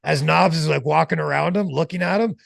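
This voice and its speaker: A man telling a long, animated anecdote as an interview guest, in a slangy, casual way. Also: a little high, fairly quick, vocal fry, no echo, clean studio sound.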